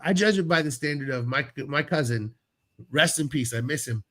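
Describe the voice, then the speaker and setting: A man's voice: on the high side, normal speed, fairly bright tone. A podcast co-host, a man, talking bluntly and heatedly in casual, profane chat.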